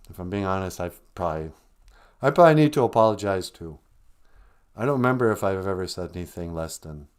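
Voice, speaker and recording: A man hosting a casual live stream, joking and teasing in a playful way. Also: fairly low pitch.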